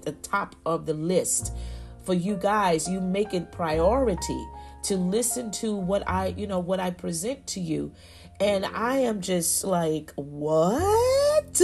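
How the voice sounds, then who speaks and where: Woman hosting a faith podcast, kinda low voice, super gushing and exclaiming, lots of "you know" and "y'all". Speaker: podcast host.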